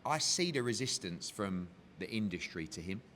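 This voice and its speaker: A man who works as a boxing promoter, talking candidly in a casual interview, animated and swearing freely as he tells stories. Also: fairly low pitch, normal speed, slight background noise. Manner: animated, heavy swearing, emotional storytelling.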